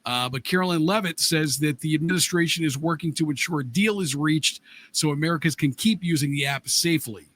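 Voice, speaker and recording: An easygoing male co-host runs through a news item with a bright, forceful voice. His pitch sits slightly high, and his delivery is casual, loose and full of filler words. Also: brisk. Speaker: podcast co-host.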